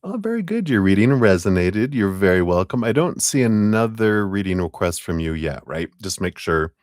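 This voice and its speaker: Chatty low-voiced man on a live stream. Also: big pitch swings, normal speed, no room sound, studio quality. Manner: chatty and upbeat, laughing often between thanks. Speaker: tarot reader hosting a live stream. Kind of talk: casual live-stream shout-outs to viewers.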